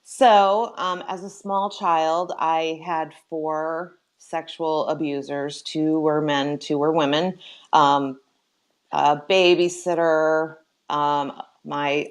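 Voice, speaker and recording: A woman in her forties from Minnesota, a guest telling her story softly and hesitantly with many pauses. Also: low-pitched. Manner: soft-spoken, hesitant with many ums. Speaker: guest, medical esthetician. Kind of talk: personal storytelling interview.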